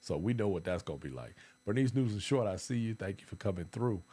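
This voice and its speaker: A man hosts a live-stream talk show in a somewhat low voice. He talks in loose casual slang with plenty of fillers. He keeps hyping upcoming events and shouting out viewers by name. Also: quick pace. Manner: lively hype with call-outs to viewers. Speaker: host.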